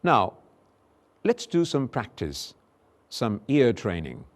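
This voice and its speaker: A man teaching English pronunciation in a recorded lesson, slowly repeating example words with careful articulation. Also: mid-range voice, huge pitch swings.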